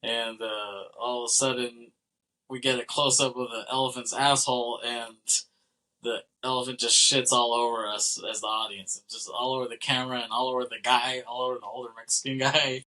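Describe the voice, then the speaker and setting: A man's voice: medium pitch, level tone, sharp tone, poor audio. Rambling laughing man on a podcast. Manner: rambling, laughing, recounting scenes with quick quoted lines. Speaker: podcast co-host. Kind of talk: casual film discussion.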